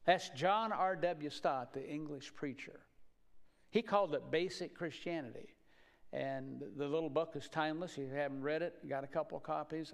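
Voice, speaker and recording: High-voiced folksy preacher man. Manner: folksy, earnest preaching, swinging between loud exhortation and quiet asides. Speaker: pastor. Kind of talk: sermon.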